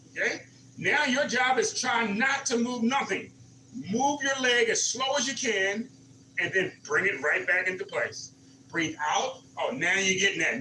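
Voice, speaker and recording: A man's voice: extremely high pitch, sharp tone, roomy sound, far from the mic, a little hiss or hum, low-quality recording. A man leading a senior exercise class, counting reps and coaching encouragingly. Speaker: senior fitness instructor. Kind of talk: live exercise class instruction. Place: community center exercise room.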